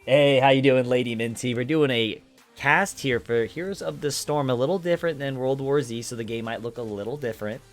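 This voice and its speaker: A man giving energetic live play-by-play commentary on a video game and chatting with viewers, his voice cracking upward at exciting moments. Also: medium pitch, a little fast, faint music behind. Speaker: esports caster and streamer.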